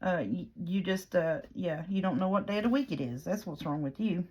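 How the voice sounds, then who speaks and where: A woman's voice: lowish voice, a little fast, a little mellow, breathy edge. A middle-aged woman telling a long, rambling story in casual chat while crafting, with lots of fillers. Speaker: craft vlogger.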